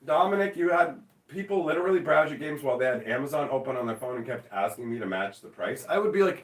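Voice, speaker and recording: A man's voice: a little high, quick pace, reverberant, recorded from a distance. A man chatting casually as host, telling stories with acted-out back-and-forth and blunt swearing. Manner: animated storyteller, acts out mock dialogue, swears freely. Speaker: show host. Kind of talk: casual chat.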